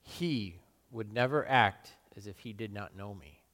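A man playing the apostle Peter, a burly fisherman full of guilt, in a solemn, halting dramatic monologue. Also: lowish voice, a bit bright. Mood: remorseful. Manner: solemn, halting and self-questioning. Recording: long reverb in a large hall.

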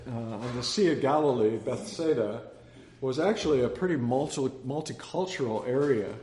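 Casting note: man in mid pitch leading a relaxed Bible class, talks in loose, repeating stories, roomy echo around him. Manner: chatty, rambling, with anecdotes and restarts. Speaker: Bible study teacher. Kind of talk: casual Bible study teaching.

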